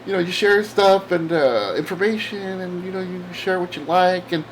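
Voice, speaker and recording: A man's voice: high-pitched, normal speed, a little hiss or hum. A man hosting his own comic book channel, chatting casually in a rambling, enthusiastic way with lots of fillers. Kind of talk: casual chat.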